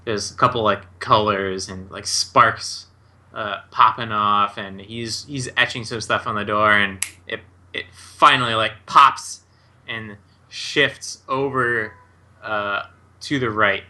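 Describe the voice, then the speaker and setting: A man's voice: fairly low pitch, fairly even intonation, takes it slowly, sharp tone. A man running a tabletop game as game master, casually describing scenes with lots of fillers. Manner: casual, heavy with fillers and 'like'.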